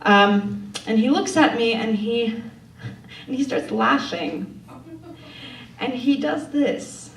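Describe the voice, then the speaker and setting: Woman telling a story live on stage, kinda high voice, echoey room, mic sounds far off. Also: takes it slowly, creaky, pauses often, slight background noise. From Poland. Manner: conversational, wry, laughs while telling. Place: theater stage before an audience. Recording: echoey room, distant mic, faint ambience.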